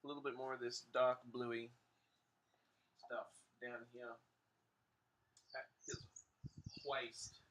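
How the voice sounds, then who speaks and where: A man's voice: mid-range voice, flat delivery, slow pace, pauses often, a bit bright, rough recording. A man chatting casually to his viewers and his dog while painting on a livestream. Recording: clicking noise behind the voice.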